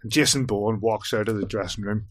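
Male podcast host, lively storyteller, dry close recording. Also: lowish voice, fast, no echo. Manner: animated storyteller, leads the discussion. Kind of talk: casual chat.

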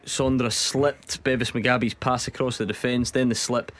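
A man's voice: medium pitch, level tone, normal speed, fairly bright tone. A man hosting a football radio show, chatting casually and teasing his co-hosts. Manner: chatty, teasing, laughs often. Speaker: radio sports show host.

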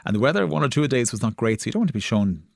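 Fast-talking Irish man telling anecdotes. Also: mid-range voice, sing-song, vocal fry, no echo. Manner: rambling, with many restarts and fillers. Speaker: guest, television maker. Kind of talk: casual anecdotal chat.

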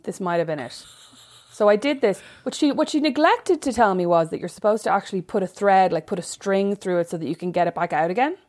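A woman's voice: medium pitch, expressive, quick pace, darkish tone. Self-mocking woman telling a story. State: pregnant. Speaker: podcast co-host. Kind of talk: casual chat.

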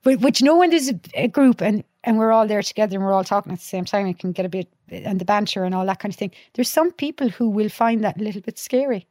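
Dublin woman, podcast guest, animated storyteller, swears freely, dry close sound. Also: medium pitch, fast talker, few pauses, no room sound. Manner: lively storyteller, acts out quotes, swears freely. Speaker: podcast guest, youth worker. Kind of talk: casual chat.

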